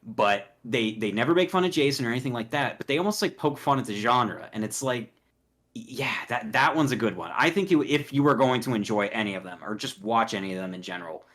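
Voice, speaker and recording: Young guy on a podcast, bright voice, really animated, rambles fast. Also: mid-range voice. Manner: animated, fast, laughing, does quick voices in anecdotes. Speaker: podcast guest, horror reviewer. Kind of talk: casual podcast chat.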